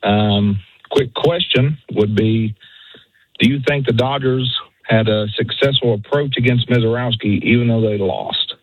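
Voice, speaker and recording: A man's voice: mid-range voice, a little slow. A man calling in to a sports radio show, talking with a lot of hesitant fillers. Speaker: caller. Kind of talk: call-in radio. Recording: dull phone line.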